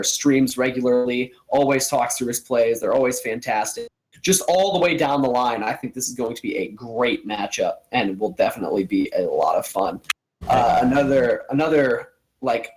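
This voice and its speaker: A man's voice: mid-range voice, low-quality recording. A man hosting a casual live-streamed show, upbeat and eager as he hypes upcoming matchups. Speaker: show host.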